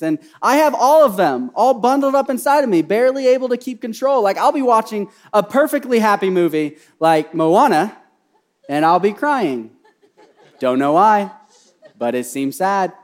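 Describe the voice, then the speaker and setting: Very high-voiced excitable male pastor. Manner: bubbly and excitable, peppers talk with "like" and "right?". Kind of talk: energetic sermon to a church congregation.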